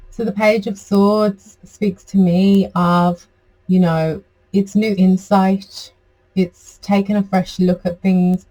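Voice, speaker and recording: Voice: medium pitch, dark tone, poor audio. A tarot reader giving a casual, chatty reading to camera, rambling with many fillers.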